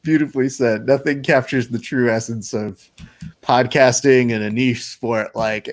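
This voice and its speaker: A man's voice: medium pitch, fairly even intonation, a little slow. A man hosting a casual podcast interview, joking and rambling through a story. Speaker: podcast host.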